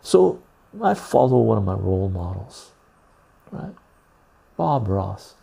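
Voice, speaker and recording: A calm man hosting a livestreamed podcast, reading out the chat in an easy, unhurried way. His voice is dark and husky, with a gravelly, fry-laden edge. He swears freely and laughs often, yet never raises his voice. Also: sits low.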